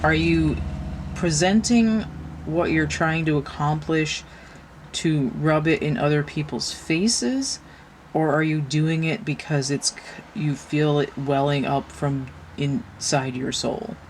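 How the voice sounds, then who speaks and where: A woman's voice: sits low, slow, a little mellow, a little hiss or hum. A woman giving a casual tarot reading, frank and a little profane, asking her listeners question after question. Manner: frank and swearing, full of rhetorical questions. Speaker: tarot reader.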